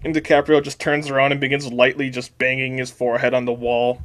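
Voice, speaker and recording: A man's voice: medium pitch, level tone, brisk, fairly bright tone. A man, a podcast host, casually reading out a crude comedic fanfiction, rambling and restarting words.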